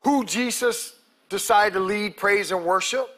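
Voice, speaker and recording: A male pastor preaching a sermon to his congregation, calling out to them and acting out quotes, breaking into loud shouts at the peaks. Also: high voice, a little slow. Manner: preaching with call-outs to the congregation, acts out quotes. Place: church sanctuary.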